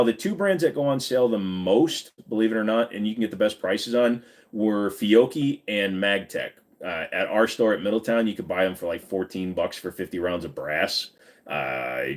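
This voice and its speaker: A man's voice: deep voice, normal speed. A man hosting a casual livestream, answering viewer questions in a rambling, laid-back way and swearing casually. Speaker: livestream host.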